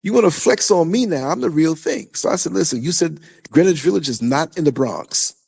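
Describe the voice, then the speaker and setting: An older man tells his stories in a casual chat, repeating himself for emphasis. His voice is gravelly and a little husky, and his pitch swings widely as he talks. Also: brisk. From New York. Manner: animated storytelling, emphatic and repetitive. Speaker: podcast host.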